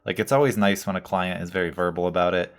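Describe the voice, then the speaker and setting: A laid-back man chatting on a tattoo podcast. His voice sits very low and stays fairly flat. He rambles loosely, leaning on filler words and dropping the occasional curse. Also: quick pace. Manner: reads out listener questions. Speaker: tattoo artist and podcast host. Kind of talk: casual chat.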